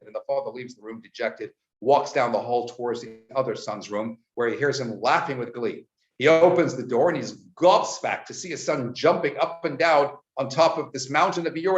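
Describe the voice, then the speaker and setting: Rabbi with an echoey, dull-sounding recording. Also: male voice, medium pitch, brisk. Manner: storytelling with lively voiced quotes. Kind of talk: Torah teaching talk.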